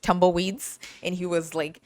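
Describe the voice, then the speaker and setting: With a lowish, dark voice and a level tone, a woman hosts a podcast at normal speed, telling stories in a relaxed, conversational monologue. She laughs frequently and teases in a playful way. There is no room sound in the recording.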